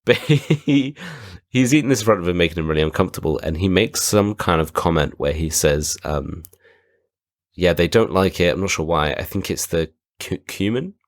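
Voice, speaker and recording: A man's voice: deep voice, expressive, fairly quick, hardly any pauses, dry recording, studio quality. A man co-hosting a podcast, chatting casually with lots of laughs and fillers. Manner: laughing, rambling, many fillers. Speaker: podcast co-host. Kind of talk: casual chat.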